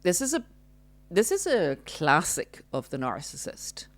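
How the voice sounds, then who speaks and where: A woman's voice: deep voice, wildly swooping pitch, unhurried, dry recording. A woman hosting a talk, explaining earnestly and now and then dropping wry, dry asides. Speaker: host. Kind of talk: explanatory talk on narcissistic abuse.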